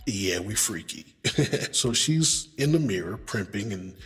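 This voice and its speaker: Fairly low-pitched and expressive, with a fairly bright tone, this relationship-advice vlogger talks a little slowly to the men he calls brothers. His conversational delivery is emphatic and profanity-laced, he acts out quotes, and the audio has a long reverb tail.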